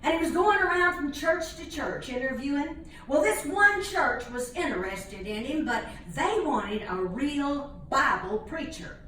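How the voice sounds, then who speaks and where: Older storyteller, preacherly folksy cadence, bright high voice, echoey distant room sound. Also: female voice, lively intonation, measured pace, a little hiss or hum. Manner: dialect-tinged, preacher-like cadence.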